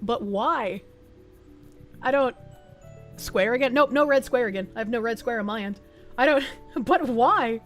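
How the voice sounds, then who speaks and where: A woman's voice: a little high, a little slow, pauses often, faint music behind. A young woman streamer reading an article aloud and reacting with blunt, sarcastic, swearing commentary.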